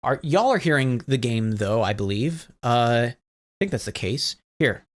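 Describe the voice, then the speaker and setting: A man's voice: mid-range voice, animated, normal speed. A man streaming a game, chatting casually and rambling while troubleshooting his audio. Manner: rambling, troubleshooting audio with chat, laughs often. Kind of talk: casual live-stream chat.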